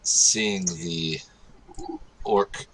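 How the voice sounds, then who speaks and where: A man playing a tabletop game, explaining his moves step by step with frequent pauses. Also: low-pitched, fairly even intonation, a bit bright, slight background noise, low-quality recording. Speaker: player. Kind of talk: casual game talk.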